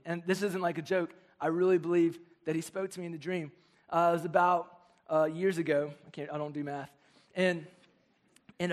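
A man in his thirties preaching a sermon to young people, telling funny personal stories in an animated way. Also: high-pitched. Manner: animated storytelling with jokes. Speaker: youth pastor.

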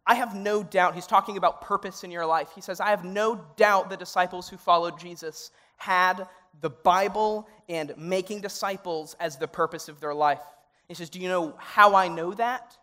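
A young man gives a youth sermon in a high-pitched, earnest voice. His talk is casual and heartfelt, and it turns pleading at times. The recording rings with the long reverb of a large hall. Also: normal speed, a bit bright. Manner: earnest and conversational, grows emotional and pleading. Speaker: youth pastor.

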